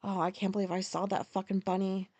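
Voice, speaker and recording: A woman's voice: medium pitch, level tone, fast, a little mellow, dry recording. A woman in her forties hosting a casual solo podcast, telling stories candidly, ranting and swearing freely. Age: 40s. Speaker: podcast host.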